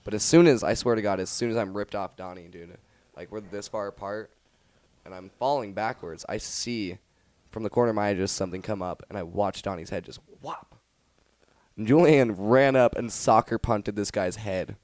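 A young man co-hosting a podcast, telling rowdy party and fight stories in a casual, profane, animated way. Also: on the low side, fairly quick, no echo. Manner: profane, animated storytelling with acted quotes. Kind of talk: casual storytelling chat.

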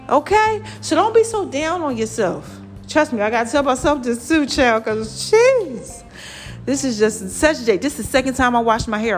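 A woman vlogger giving lively, preachy motivational talk straight to her viewers. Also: fairly high pitch. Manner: lively and preachy, calls viewers "child" and "y'all".

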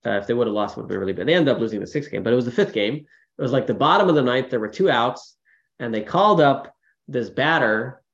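A man, a rabbi teaching a class in a casual, storytelling way, lively when quoting people, with many fillers. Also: medium pitch, quick pace, gravelly, dull audio. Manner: storytelling with animated quoted voices, many fillers. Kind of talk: informal Torah class talk.

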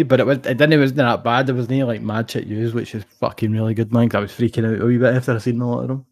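A man's voice: medium pitch, steady tone, very fast, few pauses, darkish tone. A young Scottish man chatting on a podcast, telling a long rambling story with plenty of swearing. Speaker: podcast co-host. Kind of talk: casual chat.

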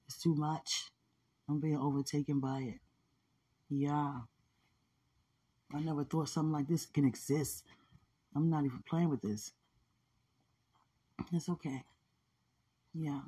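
Woman, low mellow voice, tender and prayerful delivery, lots of soft affirming murmurs. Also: steady tone, measured pace, pauses often, slightly rough. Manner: heartfelt, soft-spoken, prayerful, with frequent murmured agreement. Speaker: podcast speaker. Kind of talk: casual emotional talk about faith and love.

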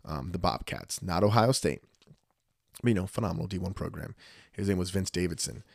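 A man in his thirties, hosting a casual chat and telling lively sports stories, acting out the quotes. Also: low voice, fairly quick, creaky, breathy edge, dry recording, clean studio sound. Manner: animated storyteller, acts out quotes.

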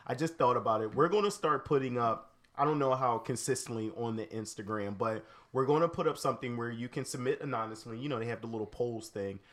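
A man's voice: medium pitch, quick pace, fairly bright tone. Easygoing man rambling on a podcast. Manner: easygoing, rambling, many "you know" fillers. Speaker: podcast co-host. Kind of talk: casual podcast chat.

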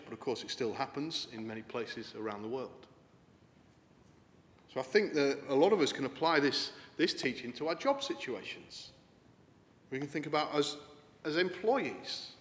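Earnest preacher man in a reverberant hall. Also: on the high side. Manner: earnest, conversational, lively rises for emphasis. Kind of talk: sermon.

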